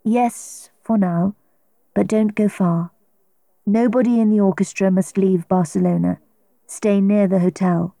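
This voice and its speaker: A woman voicing a cool, probing male police inspector in a storybook reading, asking measured, clipped questions. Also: mid-range voice, steady tone, mellow, dry recording, natural voice. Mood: firm.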